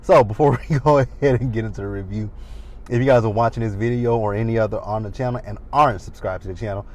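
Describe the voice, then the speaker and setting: A man's voice: lowish voice, quick pace, darkish tone. A man in his thirties recapping a reality show in a chatty, sassy way with dramatic asides. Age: 30s. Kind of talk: casual recap commentary.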